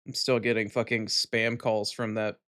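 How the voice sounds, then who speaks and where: A man's voice: lowish voice, level tone, fairly bright tone, no room sound. Loose-talking male streamer, dry sound. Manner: loose, swearing, ends lines with a cat-like "nyan" tic; talks while eating, mumbled and unhurried. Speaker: live streamer. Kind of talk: casual chat with viewers.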